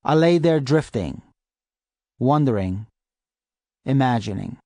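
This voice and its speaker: Steady male audiobook narrator, dry sound. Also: medium pitch, slow, dry recording. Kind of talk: first-person audiobook narration.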